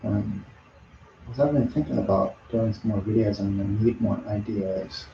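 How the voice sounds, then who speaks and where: A man's voice: on the low side, fairly even intonation, moderate pace, vocal fry, mellow, a little hiss or hum. A middle-aged man chatting casually to viewers while painting on a live stream, rambling from thought to thought. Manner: rambling, chatty, talks to viewers between brushstrokes. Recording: dull lo-fi audio in an echoey room.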